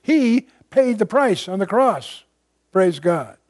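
A man's voice: high-pitched, big pitch swings, takes it slowly, darkish tone, no room sound, studio quality. An older man teaching the Bible verse by verse to a room, conversational and digressive, with emphatic asides. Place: room with a live audience.

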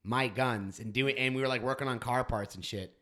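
A man co-hosting a casual podcast, telling stories with lots of swearing and loud acted-out quotes. He grew up on the US East Coast. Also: mid-range voice, brisk. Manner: animated, swearing, acts out quotes loudly. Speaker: podcast co-host. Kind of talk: casual storytelling chat.

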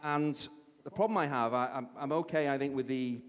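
A man's voice: medium pitch, brisk, long reverb tail, a crowd in the background. A man co-hosting a comic live podcast, rambling and self-deprecating, often breaking into giggles as he reads aloud. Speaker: podcast co-host reading aloud.

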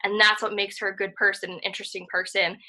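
Woman, podcast co-host, casual chat, bright tense tone, mid pitch, rambling, lots of fillers. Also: flat delivery, fast talker, low-quality recording. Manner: rambling, filler-heavy, frequent "like" and "um"; earnest and enthusiastic.

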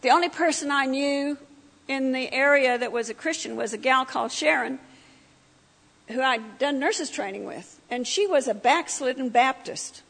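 High, gravelly woman telling her testimony. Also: normal speed. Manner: lively storytelling, acting out what people said. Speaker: guest speaker sharing her testimony. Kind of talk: personal testimony at a church breakfast. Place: church meeting hall. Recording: long hall reverb.

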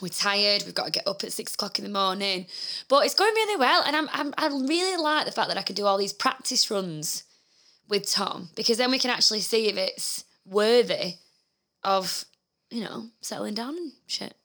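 A woman's voice: medium pitch, lively intonation, normal speed, sharp tone. A young adult woman co-hosting a business podcast, chatting casually in a giggly, rambling way and often correcting herself. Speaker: podcast co-host, business owner. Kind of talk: casual chat.

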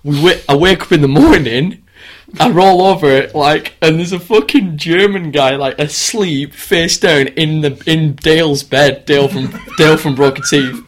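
A man's voice: on the high side, a little slow. A young man in casual chat, rambling through sweary tour stories and laughing as he goes. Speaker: touring band musician telling stories. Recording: crowd noise behind.

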